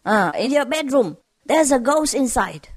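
A woman's voice: high-pitched, very animated, measured pace, full character voice. A woman voicing a frightened five-year-old boy insisting to his father about a ghost. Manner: urgent, insistent.

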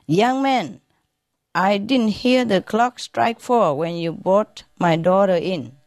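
A woman's voice: mid-range voice, takes it slowly, a little mellow, no echo, clean studio sound. A woman voicing a stern, angry father scolding a young man.

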